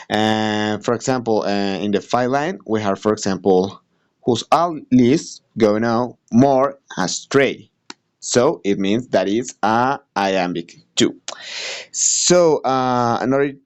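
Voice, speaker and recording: A male student, giving a recorded class presentation in a halting way, with many fillers and restarts. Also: fairly low pitch, a little mellow. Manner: halting, hesitant, full of "uh" fillers.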